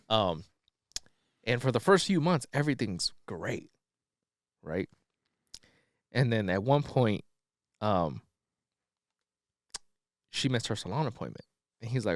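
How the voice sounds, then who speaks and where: Podcast guy recapping a movie, swearing a lot, loose and animated, mid voice, dry close mic. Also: medium pitch, measured pace, long pauses, dry recording. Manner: loose, profane, animated storytelling with slang. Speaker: podcast co-host. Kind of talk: casual plot recap.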